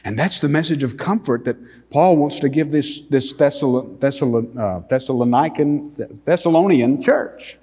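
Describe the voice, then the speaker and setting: A man preaching a sermon as pastor, slow and emphatic, pausing often and swelling in volume on key words. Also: mid-range voice, warm tone. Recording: long hall reverb.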